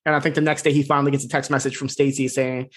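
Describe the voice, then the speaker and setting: A man recaps a TV episode in a loose, rambling chat. His pitch sits at an ordinary middle height. He peppers his talk with fillers and casual swearing. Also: flat delivery, racing, fairly bright tone, breathy edge. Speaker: podcast co-host.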